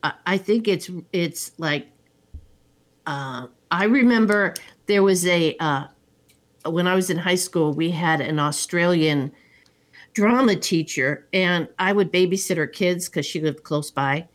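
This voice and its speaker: Lady rambling thru a movie recap, kinda low voice, lots of ums. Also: measured pace. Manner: rambling storyteller with many fillers.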